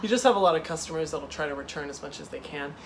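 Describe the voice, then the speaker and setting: A young man hosting a casual chat, retelling a customer story in an animated, exasperated way with lots of "like". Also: a little high, very fast, a little hiss or hum. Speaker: host.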